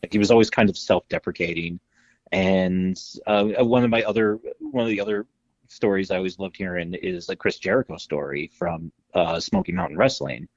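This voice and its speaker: Husky low-voiced man telling stories. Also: normal speed, no room sound, dull audio. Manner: animated storyteller, acts out quotes, swears freely. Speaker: podcast co-host. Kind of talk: casual storytelling chat.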